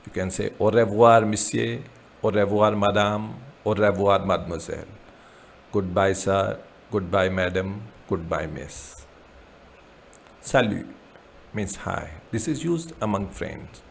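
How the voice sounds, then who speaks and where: A man gives a beginner lesson, talking very slowly in a lowish, gravelly voice. He goes over each word patiently, one at a time, and a faint hiss sits under the recording. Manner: slow, repeats words with translations. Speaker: French teacher. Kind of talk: slow beginner language lesson.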